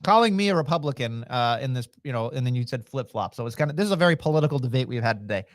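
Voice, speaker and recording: A man's voice: medium pitch, expressive, racing, no echo, studio quality. A man co-hosting a podcast, talking in casual, joking banter and swearing freely. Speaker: podcast co-host.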